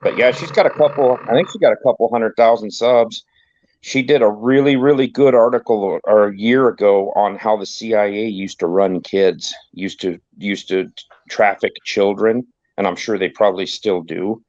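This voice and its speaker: Low-voiced man chatting over a phone. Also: fairly even intonation, moderate pace, a little mellow, no echo, lo-fi sound. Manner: rambling, with many restarts and fillers. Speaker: guest on a group livestream. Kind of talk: casual chat.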